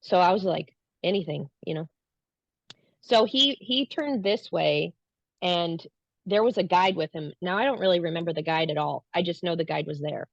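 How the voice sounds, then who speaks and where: A woman's voice: lowish voice, normal speed, gravelly, dry recording. A woman guest telling an earnest personal story in a casual way, acting out the things she said at the time. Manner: earnest, acts out her own past lines. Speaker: guest recounting a spiritual experience. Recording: dull lo-fi, dry sound.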